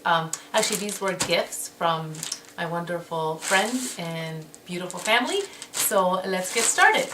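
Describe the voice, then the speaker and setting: A woman hosting a casual beauty haul video, gushing and excitable, often repeating how excited she is. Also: medium pitch. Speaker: beauty vlogger. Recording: roomy echo, distant mic, noisy background.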